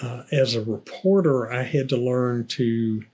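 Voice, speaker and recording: Older southern guy, bit husky, chatty storyteller, laughs a lot. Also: mid-range voice, unhurried, dark tone. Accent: Southern American. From United States. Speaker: author guest. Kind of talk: casual interview chat.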